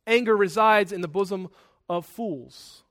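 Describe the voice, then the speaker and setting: A man preaching a sermon, animated and quick to act out angry outbursts, with self-correcting asides. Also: sits high.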